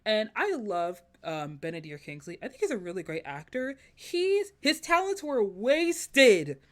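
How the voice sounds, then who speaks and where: A woman's voice: mid-range voice, very animated, measured pace. A woman film critic, a guest on a podcast, giving passionate, emphatic opinions in casual chat.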